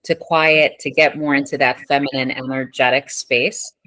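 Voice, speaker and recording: A woman hosting a podcast, talking in a reflective, thoughtful way with pauses and fillers. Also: very deep voice, steady tone, fairly bright tone, no echo. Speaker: podcast host. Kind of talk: reflective interview talk.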